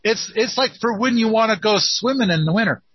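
A man's voice: sits high, animated, brisk, breathy edge, dry recording, muffled recording. A man hosting a casual call-in chat, speaking in a playful, teasing way. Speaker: host.

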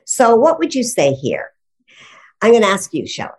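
A woman's voice: a little high, big pitch swings, moderate pace, breathy edge. A woman who teaches writing and grammar, explaining rules with enthusiasm in a conversational interview, often laughing. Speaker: grammar and writing instructor, guest.

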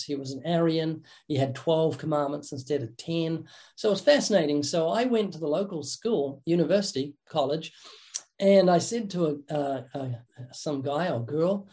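High-voiced older man, joking storyteller. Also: normal speed, mellow. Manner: playful, joking, with vivid anecdotes. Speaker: podcast guest, evangelist. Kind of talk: animated storytelling conversation.

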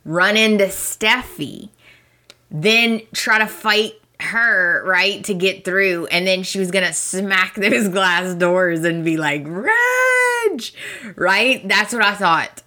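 Slow, bright-voiced woman recapping soaps. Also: fairly low pitch. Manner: chatty, emphatic, laughs often. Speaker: podcast host. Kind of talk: casual soap opera recap.

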